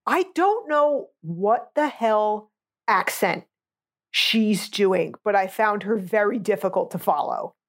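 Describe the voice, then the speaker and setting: A woman's voice: mid-range voice, lively intonation, slow. A woman co-hosting a podcast, chatting casually about a movie in a blunt, sarcastic, sweary way. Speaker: podcast co-host.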